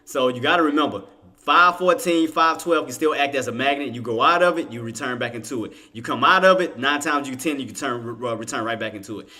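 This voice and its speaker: A man streaming live day-trading commentary, talking casually with slang, laughing and teasing his viewers, then dropping to a low mutter while he places orders. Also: brisk, pushed and bright.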